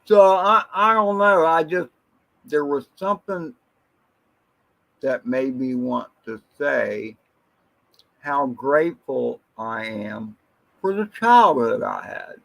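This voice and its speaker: Man, livestream host, slow unhurried rambler, reminiscing and answering chat. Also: medium pitch, expressive, vocal fry, a bit bright, rough recording. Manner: greets viewers from the chat by name. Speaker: drone channel livestream host. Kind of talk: casual livestream chat with viewers.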